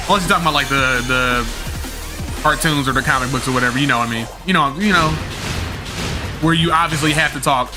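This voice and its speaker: A man's voice: mid-range voice, fairly quick, long pauses, over music. A young man streaming a game, chatting to his viewers in a rambling, slangy way, with lots of fillers and the odd swear word. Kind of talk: live-stream chat with viewers.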